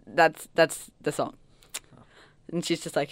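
Podcast host chatting casual, smooth voice, dry close mic, keeps jumping into loud silly quotes. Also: mid-range voice, fairly even intonation, moderate pace, long pauses, no room sound. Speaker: podcast co-host reviewing an album. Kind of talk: casual chat.

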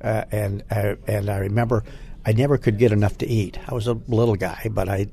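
An older man, a former Marine recruit, recalling boot camp in an interview with halting speech and many restarts. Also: fairly low pitch, steady tone, mellow. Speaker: Marine Corps veteran interviewee. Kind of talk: oral history interview.

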